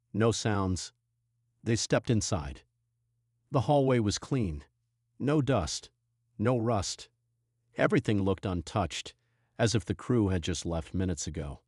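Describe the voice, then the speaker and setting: A man reading a science fiction story in a steady, measured storytelling voice. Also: lowish voice, no room sound, studio quality. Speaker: narrator. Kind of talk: scripted sci-fi narration.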